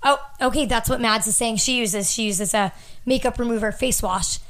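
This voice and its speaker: A woman's voice: on the high side, normal speed, fairly bright tone. A woman co-hosting a casual podcast, rambling and filler-heavy, close to the mic. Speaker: podcast co-host. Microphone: close studio mic.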